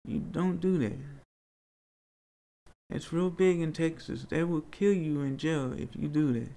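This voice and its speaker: A man speaks in an interview, earnest and rambling, sometimes pleading. His voice sits a little high and carries a gravelly fry. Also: unhurried, mellow. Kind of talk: personal storytelling interview.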